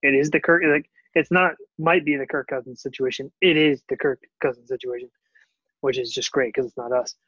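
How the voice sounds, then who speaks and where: A man's voice: medium pitch, steady tone, fairly quick, sharp tone, slightly rough, no room sound. A man co-hosting a casual sports podcast, talking bluntly and swearing casually. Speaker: podcast co-host. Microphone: wireless earbuds, then switched mic. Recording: dull, dry lo-fi audio.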